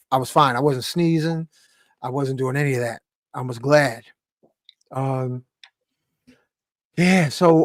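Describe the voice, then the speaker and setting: A man's voice: a little high, no echo, studio quality. Slangy man hosting a video-call livestream. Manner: loose slangy banter, shout-outs to viewers. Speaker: livestream host. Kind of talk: casual livestream chat.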